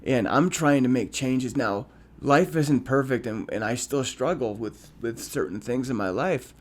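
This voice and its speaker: A man's voice: medium pitch, unhurried. A man co-hosting a podcast, talking in an earnest, reflective way with frequent restarts and ums. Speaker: podcast co-host.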